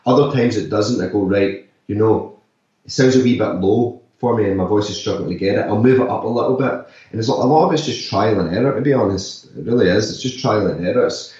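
A man's voice: on the low side, a little fast, darkish tone. Man, echoey and distant. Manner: rambling, loose, many "like" and "sort of" fillers. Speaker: actor and musician, guest. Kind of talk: casual interview talk. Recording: echoey, distant, slightly dull remote audio.

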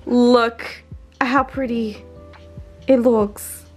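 A woman in her twenties chatting excitedly in a casual home vlog, laughing often and filming on a handheld camera. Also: on the high side, drawn-out words, faint music behind. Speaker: vlogger. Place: at home, indoors.

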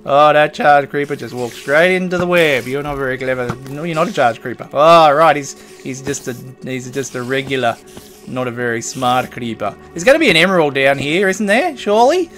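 A man's voice: medium pitch, fairly quick, fairly bright tone, soft background music. A man giving casual, playful commentary over his own gameplay, chatting to the creatures on screen. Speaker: gaming video host.

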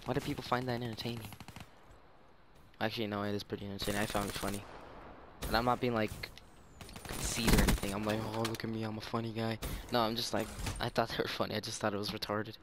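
A man's voice: lowish voice, flat delivery, fast talker. A young man giving casual, rambling gameplay commentary as a gaming YouTuber, self-mocking and full of fillers. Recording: game audio noise behind voice. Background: gunfire from the game.

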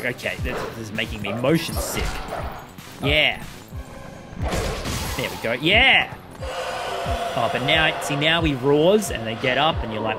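A man hosting a gameplay video, talking in an excitable, rambling way. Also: medium pitch. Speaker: let's play host. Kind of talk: gameplay commentary. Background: game music.

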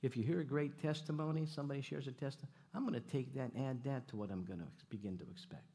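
A man preaching in a church at a middle pitch, trading jokes and stories with his congregation. He talks in an animated way, often doubling his phrases and throwing questions out to the room. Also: very fast, breathy edge. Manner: animated, jokey, repeats himself, audience call-outs. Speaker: guest preacher. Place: church sanctuary.

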